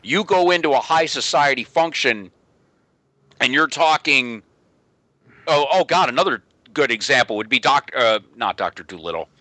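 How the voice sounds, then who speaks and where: A man's voice: medium pitch, expressive, normal speed, sharp tone, no room sound. A middle-aged man in a casual panel chat, rambling and correcting himself as he talks.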